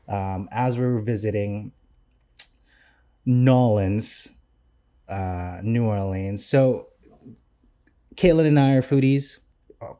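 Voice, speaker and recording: A man's voice: mid-range voice, mellow. A young man, a chef co-hosting a podcast, talking casually and enthusiastically with lots of fillers and restarts.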